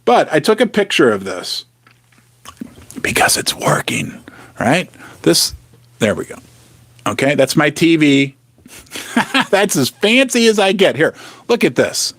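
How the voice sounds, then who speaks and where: A man's voice: on the high side, fairly bright tone, dry recording. A man hosting a casual live stream, chatty and teasing, sometimes dropping to a whisper for effect. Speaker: host of a precious-metals live stream. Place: home basement studio.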